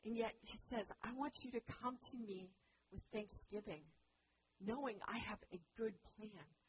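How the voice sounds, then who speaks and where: A woman in middle age preaches a sermon, telling personal stories in an earnest, reflective manner. Her voice sits at a typical pitch for a woman. The church recording carries a clear layer of background noise. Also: a little slow. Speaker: pastor.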